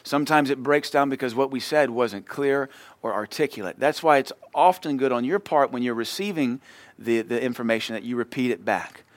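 A man's voice: medium pitch, a little fast, dry recording. Man preaching in a chatty, dry voice. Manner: conversational preaching, acts out short dialogues. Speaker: pastor. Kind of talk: sermon.

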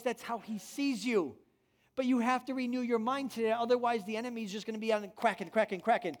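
High-voiced man preaching emphatically. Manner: emphatic, asks the listeners rhetorical questions. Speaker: pastor. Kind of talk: sermon. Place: church room with an audience.

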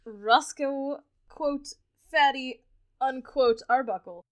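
Giggly higher-voiced young woman. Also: slow. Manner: giggly, chatty, laughs often. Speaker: podcast host. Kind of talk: casual chat, storytelling.

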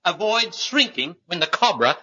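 Male preacher, earnest folksy sermon, bright forceful tone, animated pitch, muffled lo-fi sound. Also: moderate pace, breathy edge. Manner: earnest, folksy, addresses listeners as "my friends". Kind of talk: sermon with stories.

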